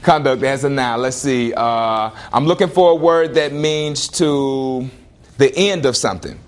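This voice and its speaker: A male teacher leading a classroom lesson, firing questions at students in lively call-and-response. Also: mid-range voice, a little slow.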